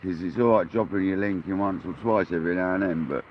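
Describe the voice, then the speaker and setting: A man's voice: low voice, fast, lo-fi sound, slight background noise. An English man hosting a fishing livestream from outdoors, chatting casually with viewers and calling them mate and buddy. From England. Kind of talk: casual live-stream chat to viewers. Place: outdoors on a kayak at the coast.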